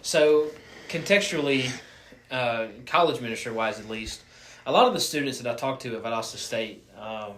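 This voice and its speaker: Laid back college pastor guy, mid pitch, roomy echoey sound, says dude a lot. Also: normal speed, slight background noise. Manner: relaxed, affirming, says "dude" and "man". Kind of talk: casual interview chat. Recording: roomy echo.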